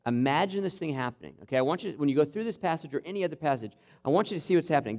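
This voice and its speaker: Male preacher, sermon, casual teaching tone, frequent "okay?", gets animated. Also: on the high side, rapid-fire, hardly any pauses. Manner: conversational, checks in with "okay?"; builds to animated, vivid retelling. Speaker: campus pastor.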